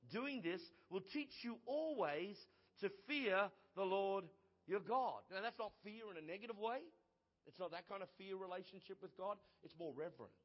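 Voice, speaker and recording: A man's voice: sits high, lively intonation, moderate pace. A male pastor preaching a sermon, emphatic and repeating phrases for effect, in a church hall. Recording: dull sound with long hall reverb.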